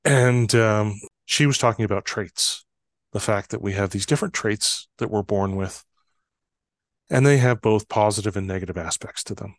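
A man on a podcast talks in a calm, measured way, reflecting on trust. His voice sits on the low side and is recorded dry, close to the microphone. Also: no room sound. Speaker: podcast guest, trust expert. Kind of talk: reflective conversation.

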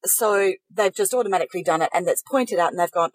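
A middle-aged woman, giving calm, measured coaching advice in a casual podcast chat. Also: lowish voice, no room sound, rough recording. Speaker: podcast co-host, life coach.

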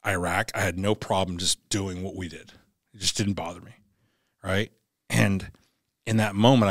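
A man's voice: fairly low pitch, a bit bright, no room sound, studio quality. A middle-aged man, a former Navy SEAL, speaking as a podcast guest. He tells a personal story candidly and bluntly, with profanity, and acts out the dialogue he quotes.

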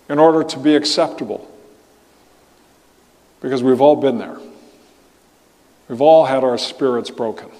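A man preaching as a pastor, earnest and halting, often restarting his phrases. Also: mid-range voice, darkish tone, long reverb tail. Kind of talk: sermon.

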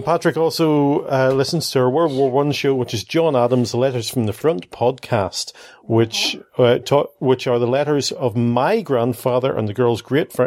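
A man's voice: mid-range voice, darkish tone. A middle-aged man hosting a casual family podcast, chatting and teasing his daughters in a playful, chatty way. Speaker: podcast host and father.

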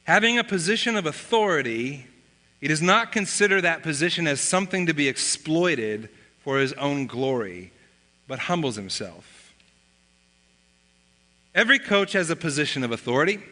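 Bright-voiced pastor preaching in a reverberant hall. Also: male voice, fairly high pitch, very animated, normal speed, long pauses. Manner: conversational storytelling, acts out family dialogue. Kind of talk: sermon. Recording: long reverb of a large hall.

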